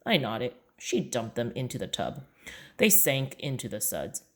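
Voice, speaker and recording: Woman, storybook reader, deep-pitched with plenty of melodic movement. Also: big pitch swings, unhurried. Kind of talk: reading a children's book aloud.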